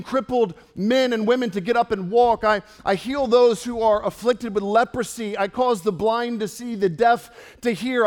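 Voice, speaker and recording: Male pastor as Jesus: a commanding, proclaiming man, high-pitched, heard with long hall reverb. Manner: bold, proclaiming first-person declarations.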